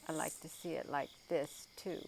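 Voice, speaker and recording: A low-pitched woman talks casually and sleepily to her live viewers, drifting through her thoughts with frequent ums and a folksy "you all". She is outdoors at night, with faint crickets and hiss behind her. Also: steady tone, normal speed, vocal fry, darkish tone, low-quality recording. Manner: rambling, full of ums and uhs. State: tired, yawning. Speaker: livestream host. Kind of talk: casual live sky-watching chat.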